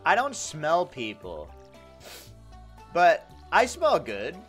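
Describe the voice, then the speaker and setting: A man's voice: a little high, huge pitch swings, slow pace, a bit bright, soft background music. A young man live-streaming a game, playfully sarcastic as he reads and answers chat comments.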